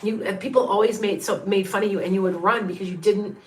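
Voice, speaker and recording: A woman's voice: medium pitch, fairly even intonation, fast talker. A middle-aged woman giving psychic readings on a live stream, rambling and repeating herself as she thinks aloud and reads out viewers' names. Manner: reads out viewer names and counts under her breath. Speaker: psychic reader on a livestream.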